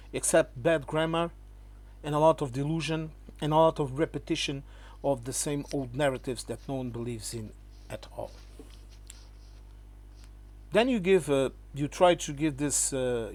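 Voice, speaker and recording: This channel host has a medium-pitched, slightly mellow voice at normal speed as he talks to the camera to refute his critics. Emphatic and lecturing, he keeps asking "okay?" and refers to the viewer as "my friend".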